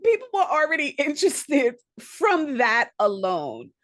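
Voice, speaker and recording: A woman's voice: sits high, wildly swooping pitch, unhurried, a bit bright. A woman comic book writer telling rambling, profane stories on a video call, restarting often and acting out quotes. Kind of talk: excited casual storytelling.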